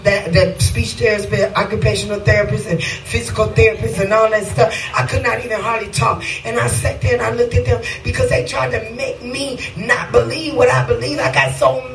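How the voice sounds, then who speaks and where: Woman preacher, sermon, gravelly voice, shouting and sing-song cadence, distant mic, music behind. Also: a little high, fairly even intonation, a little fast, hardly any pauses, reverberant. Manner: preaching cadence, bursts into shouts and sung phrases.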